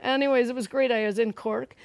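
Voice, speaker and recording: A woman guest singer-songwriter telling stories in a chatty, animated way, laughing often, on a live talk show. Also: on the high side, brisk, dry recording.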